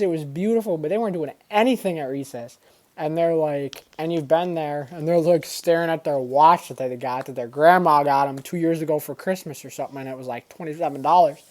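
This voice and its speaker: Animated young man telling stories. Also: on the high side. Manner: animated, acts out quoted voices, slangy. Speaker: vlogger. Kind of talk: casual storytelling.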